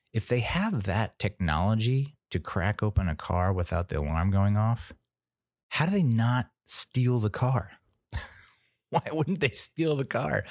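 A man's voice: low voice, no room sound, studio quality. A man hosting a podcast, telling a rambling, profane story in casual monologue and acting out what people said. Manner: rambling storytelling, acts out quoted voices, swears. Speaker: podcast host.

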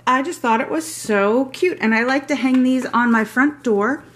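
A woman's voice: sits high, moderate pace. A middle-aged woman chatting through a shopping haul on camera, gushing over each item with rambling asides. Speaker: haul vlogger. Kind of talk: casual show-and-tell vlog.

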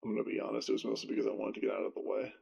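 A man's voice: fairly low pitch, flat delivery, rapid-fire, gravelly, a little mellow, slightly rough, dull audio. A man playing in a tabletop roleplaying game, talking casually and hesitantly. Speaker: player.

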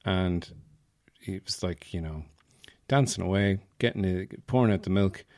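A man's voice: low voice, measured pace, darkish tone, no room sound, studio quality. An Irish man hosting a podcast, telling stories in a rambling, wry, self-mocking comic monologue. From Ireland, Offaly. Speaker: podcast host.

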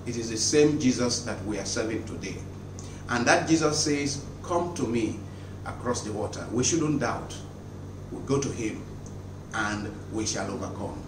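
A priest preaching an earnest, encouraging sermon and reading scripture aloud, his phrases often dropping low and soft. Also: normal speed, background noise. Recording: roomy echo, distant from the mic, guitar music behind.

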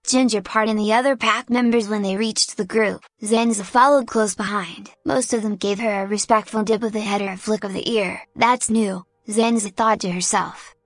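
A woman reading a fan fiction story aloud, narrating with steady storytelling. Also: medium pitch, normal speed, hardly any pauses, dry recording. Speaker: audiobook narrator.

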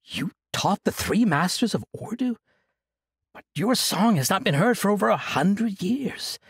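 A man voicing a calm, steady young warrior. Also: high-pitched, gravelly, breathy edge, dry recording, studio quality, voice pushed up, heavily acted. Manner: slow and calm.

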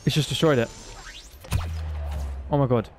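A young man streaming a game live, excitable and swearing often, talking to the creatures on screen. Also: medium pitch, measured pace, soft background music. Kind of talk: live gameplay commentary.

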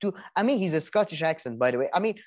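A man's voice: on the high side, expressive, very fast, darkish tone. A man co-hosting a podcast in casual chat, rambling with many restarts, fillers and the odd swear word. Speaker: podcast co-host.

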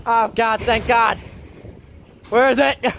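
A man's voice: extremely high pitch, steady tone, slow, gravelly, fairly bright tone, a little hiss or hum. A young man filming a train-spotting vlog by the tracks, talking frantically and repeating himself. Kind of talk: excited vlog commentary. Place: outdoors by railway tracks.

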